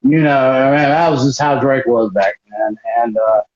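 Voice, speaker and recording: A man's voice: mid-range voice, normal speed, darkish tone. A man, a wrestler guest, telling stories on a video call in a rambling, profane way, full of restarts. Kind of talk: casual storytelling interview. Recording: roomy, dull lo-fi livestream audio.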